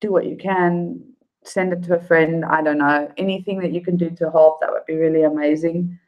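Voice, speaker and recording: A woman's voice: deep voice, fairly even intonation, moderate pace, dull audio. A woman vlogger chatting on a live stream, rambling and heartfelt with lots of fillers. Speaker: YouTube vlogger. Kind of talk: casual live-stream chat.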